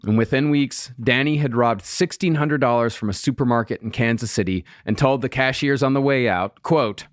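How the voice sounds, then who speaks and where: A man hosting a podcast, narrating a true crime story in a steady storytelling way with dry asides. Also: mid-range voice, normal speed, hardly any pauses, no room sound.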